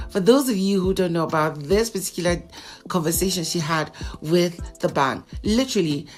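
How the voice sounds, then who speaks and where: A woman with a fairly low voice dishes reality-show gossip in a chatty, dramatic way. She acts out the voices of the people she talks about. Soft music plays faintly behind her. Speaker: celebrity gossip vlogger. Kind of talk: casual reality-TV recap.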